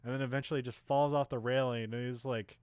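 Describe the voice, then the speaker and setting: A man co-hosting a casual podcast, recapping a film in a rambling way, full of "like" and "uh", and briefly acting out the characters' lines. His voice sits at a middling pitch, recorded dry and close with no room sound. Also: fairly even intonation, fast talker, darkish tone, clear, resonant tone, dry recording. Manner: rambling, many fillers, acts out characters' lines. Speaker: podcast co-host. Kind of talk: casual movie recap chat.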